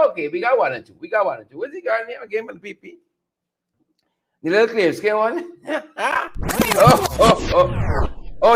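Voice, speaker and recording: A man's voice: very high-pitched, noisy background. A middle-aged man hosting a livestream, full of playful catchphrases and repeated chants. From Guyana. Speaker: livestream host. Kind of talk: energetic livestream hype talk.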